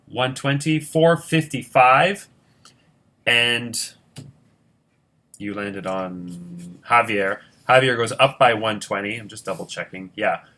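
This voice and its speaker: A man's voice: lowish voice, expressive, takes it slowly, bright, forceful tone. A man hosting a board game competition, counting squares aloud and checking his sums in casual play-by-play. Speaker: host running a Monopoly-style competition.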